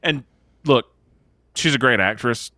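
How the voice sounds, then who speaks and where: A man's voice: mid-range voice, a little slow, bright, forceful tone, no room sound, studio quality. A man co-hosting a casual movie podcast, joking and going off on tangents. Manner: joking, tangent-prone, swears lightly. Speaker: podcast co-host. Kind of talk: casual movie review chat.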